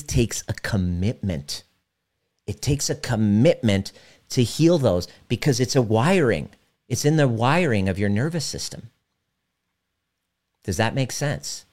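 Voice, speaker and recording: A man working as a relationship coach, talking directly and emphatically to a live audience and slowing down to guide a visualization. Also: fairly low pitch, a little mellow.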